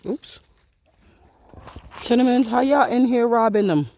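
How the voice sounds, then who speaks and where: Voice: medium pitch, unhurried, darkish tone. A backyard chicken keeper filming a casual vlog outdoors in a chicken yard, teasing and chatting playfully with the birds.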